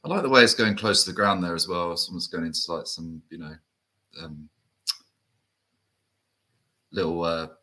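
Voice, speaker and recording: A man's voice: deep voice, normal speed, long pauses, sharp tone, low-quality recording. A man from the UK co-hosting a podcast, chatting casually with lots of fillers and tag questions. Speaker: co-host. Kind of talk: casual enthusiast chat.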